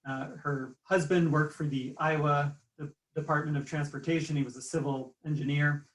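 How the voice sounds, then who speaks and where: A man's voice: on the high side, steady tone, normal speed. A man telling a story at an easy pace, using fillers like "uh" and "you know", and at times reading aloud from a book. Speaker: guest speaker. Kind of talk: storytelling lecture. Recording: roomy sound from a distant mic.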